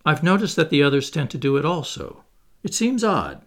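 A man reading aloud, voicing a proud, restrained former butler who speaks gravely and searches his own feelings. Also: on the high side, very animated, pitched above the performer's own voice. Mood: earnest. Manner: grave, measured, self-searching.

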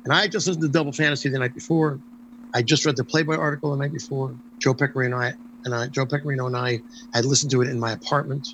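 An older man, a former stage performer, telling a lively anecdote in an interview with frequent ums and restarts. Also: mid-range voice, rapid-fire, slight background noise, rough recording. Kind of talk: storytelling anecdote in conversation.

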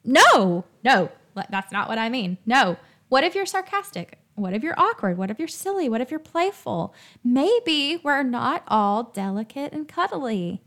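A woman's voice: fairly high pitch, a little slow. A young woman hosting a devotional podcast, talking casually and emphatically and often checking in with "right?". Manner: lively, emphatic, chatty with frequent "right?" and "like". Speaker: faith podcast host.

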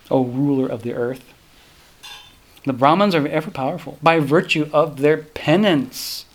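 A scheming false hermit boasts in a grand, reciting tone, as a man reads him out in a slightly raised voice. He sounds sure of his own greatness. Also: a little high.

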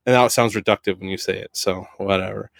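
A man co-hosting a podcast, chatting about movies in a rambling, profane, excitable way with lots of fillers. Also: sits low, quick pace, vocal fry, dry recording, studio quality. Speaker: podcast co-host. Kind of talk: casual movie review chat.

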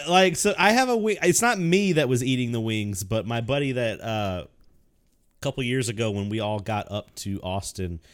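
A man in casual chat who laughs often, swears and reacts loudly while telling his own story. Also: fairly low pitch.

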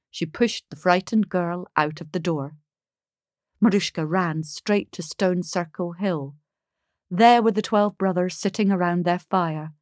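A woman storyteller reading a fairy tale aloud, measured and expressive. She takes an unhurried pace. The recording is close and dry. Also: fairly low pitch, no room sound.

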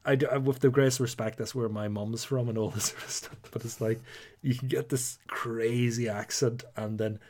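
A young man with a Northern Irish accent, co-hosting a podcast in a chatty, animated way. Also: medium pitch, normal speed, slight background noise. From Northern Ireland. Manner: chatty, animated storytelling with playful put-on voices. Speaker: podcast co-host. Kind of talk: casual chat.

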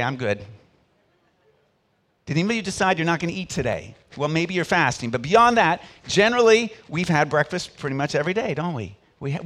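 With a voice that sits high, a middle-aged man pastors through a sermon. He swings sharply between loud and quiet and engages the congregation in call-and-response.

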